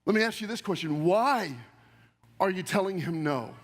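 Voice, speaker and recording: A man's voice: high-pitched, expressive, normal speed. A man preaching a sermon in a church with energy, speaking directly to the congregation and asking them questions. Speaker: pastor. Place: church sanctuary. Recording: long hall reverb.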